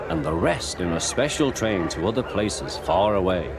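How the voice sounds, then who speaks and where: A man narrating a storybook with an expressive reading style. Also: low-pitched, normal speed, few pauses.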